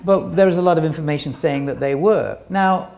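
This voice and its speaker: A woman's voice: low voice, brisk, gravelly, darkish tone. A woman giving an illustrated talk with slides, explaining step by step and often restarting her sentences. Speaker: presenter.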